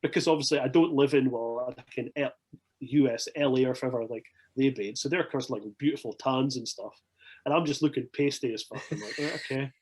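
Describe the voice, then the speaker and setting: A young Scottish man spins a long, rambling anecdote in casual chat, animated and swearing freely. His voice has a husky, slightly breathy edge at a middling pitch. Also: fairly quick. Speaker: podcast guest. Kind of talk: casual storytelling.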